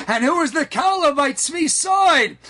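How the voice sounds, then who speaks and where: High-pitched animated storytelling rabbi. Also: male voice, unhurried. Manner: lively, acts out children's voices, sprinkles Hebrew and Yiddish terms.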